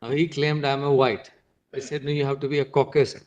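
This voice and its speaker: A man's voice: mid-range voice, little pitch movement, brisk, dull audio. A man, a judge in a courtroom, conversationally explaining a point. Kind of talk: courtroom remarks.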